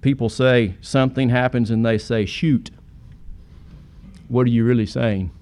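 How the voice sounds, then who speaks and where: A man's voice: mid-range voice, steady tone, brisk, darkish tone. A man preaching a sermon in an earnest way, with sudden emphatic peaks.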